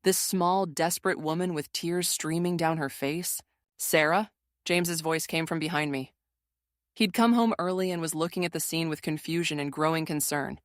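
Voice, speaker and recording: A woman narrating a first-person family drama story in a steady, measured way. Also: deep voice, no room sound, clean studio sound.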